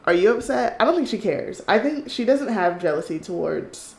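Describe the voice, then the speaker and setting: A young woman chatting excitedly and swearing while commenting on a life-sim game. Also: medium pitch, normal speed, gravelly, roomy sound. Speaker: let's play host. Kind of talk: casual gameplay commentary.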